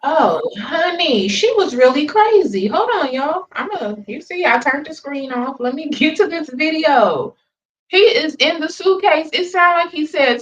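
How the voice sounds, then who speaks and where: A woman's voice: high-pitched, lively intonation, a little slow, fairly bright tone, distant mic, highs cut off. A woman hosting a reaction channel, talking casually to her viewers with incredulous exclamations. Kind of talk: casual commentary.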